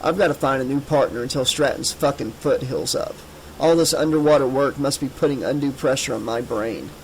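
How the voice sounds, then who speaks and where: A man voicing a nervous, gruff middle-aged male diver in an audiobook reading. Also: medium pitch, brisk, a little mellow, slight background noise, natural voice, poor audio. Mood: uneasy.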